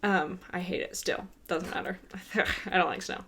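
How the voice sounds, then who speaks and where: A woman's voice: lowish voice, moderate pace, slight background noise. A woman co-hosting a podcast, telling a funny story in casual chat and laughing often as she goes. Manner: animated, laughs often while telling stories. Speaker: podcast co-host.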